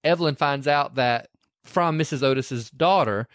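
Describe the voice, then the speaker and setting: A Southern US man co-hosts a podcast, recapping a movie in a relaxed, storytelling style and slipping into quoted voices as he goes. His voice is medium-pitched at a normal pace, recorded with studio quality and no echo.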